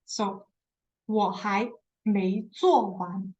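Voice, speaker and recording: Slow, patient woman language teacher. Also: mid-range voice, steady tone, a little mellow, muffled recording. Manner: patient, explanatory, repeats words for practice; self-correcting, searches for words. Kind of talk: online language lesson.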